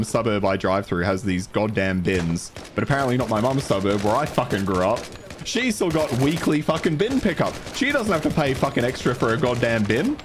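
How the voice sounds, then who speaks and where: An Australian man streams a game while ranting, swearing and sounding exasperated. His pitch swings widely and his voice jumps high when he gets worked up. Faint gunfire and game noise sit behind him. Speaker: gaming streamer. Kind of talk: ranting gameplay commentary.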